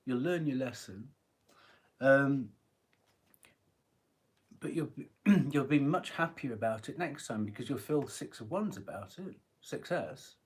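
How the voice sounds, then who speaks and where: A man with a husky voice giving a live tarot reading, chatty and rambling, often clearing his throat. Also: medium pitch, lively intonation, unhurried, long pauses. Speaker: tarot reader.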